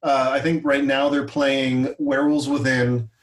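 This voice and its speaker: A man's voice: medium pitch, little pitch movement, measured pace, far from the mic. A man in his thirties co-hosting a podcast, talking casually and rambling with many fillers. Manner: rambling, chatty, hesitant with fillers. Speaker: podcast co-host. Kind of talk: casual chat. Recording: echoey room, a bit off-mic.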